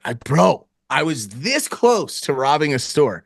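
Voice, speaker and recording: Animated, profane young man telling a story. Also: on the high side, measured pace, gravelly, slightly rough, dry recording, studio quality. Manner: animated, profane, acts out his own lines in loud bursts. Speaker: podcast co-host. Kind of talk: casual storytelling chat.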